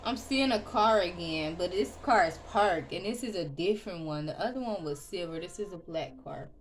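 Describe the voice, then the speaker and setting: A woman giving a casual tarot reading, chatty and loose, with frequent ums and restarts. She opens with a softly murmured prayer. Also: fairly low pitch, moderate pace, a little hiss or hum. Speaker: tarot reader.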